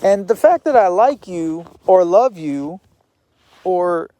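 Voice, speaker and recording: A man's voice: sits high, lively intonation, takes it slowly, warm tone, no echo. A man talking to the camera in a rambling personal monologue, repeating words and swearing now and then.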